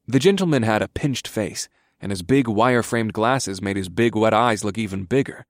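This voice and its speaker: A man's voice: fairly low pitch, a little fast, no room sound, clean studio sound. A man narrating a first-person story in a wry, matter-of-fact way.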